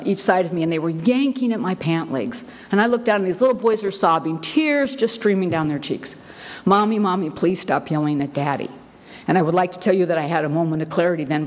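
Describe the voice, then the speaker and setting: A middle-aged woman telling her own story at a recovery meeting, candid and wry, with lots of fillers and emphatic repeats. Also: on the low side. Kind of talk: personal testimony talk. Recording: long hall reverb.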